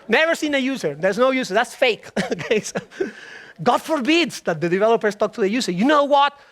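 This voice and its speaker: A man giving a comic conference talk, telling a story and acting out the people in it with quick put-on voices. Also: very high-pitched. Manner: animated storytelling, puts on voices for characters. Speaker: conference speaker. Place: conference stage.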